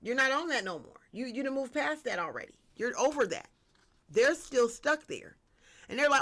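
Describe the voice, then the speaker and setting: A woman giving a casual spiritual tarot reading, lively and slangy, talking straight to her viewers. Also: high voice, moderate pace. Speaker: tarot reader.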